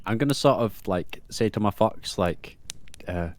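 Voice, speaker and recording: Man, tabletop player, rambling, filler-heavy, low but lively, dry sound. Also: moderate pace, slight background noise. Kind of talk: casual tabletop play.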